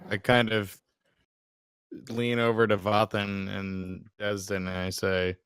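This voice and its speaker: Very deep, flat-voiced man player. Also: slow pace, smooth, no echo. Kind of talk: tabletop game play.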